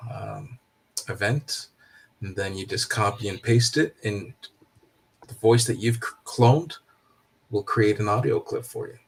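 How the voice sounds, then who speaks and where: A man's voice: on the low side, breathy edge, low-quality recording. A man in casual chat, explaining a tool steadily.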